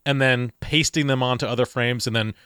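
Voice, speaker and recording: A man's voice: medium pitch, steady tone, brisk, fairly bright tone, smooth, no room sound, clean studio sound. A man chatting casually on a podcast about a movie, explaining things thoughtfully. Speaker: podcast co-host. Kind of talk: casual movie review chat.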